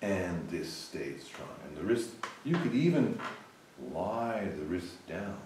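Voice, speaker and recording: A man teaching a piano class, coaching students with sudden loud bursts of praise and quieter guidance. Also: low-pitched, takes it slowly, background noise. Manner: animated, loud bursts of encouragement then soft guiding. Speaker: piano professor. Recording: echoey room, voice from a distance.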